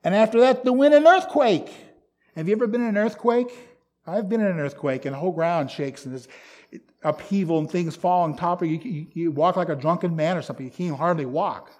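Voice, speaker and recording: A man's voice: fairly high pitch, fairly quick, darkish tone. Emphatic man preaching. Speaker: pastor. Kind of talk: sermon.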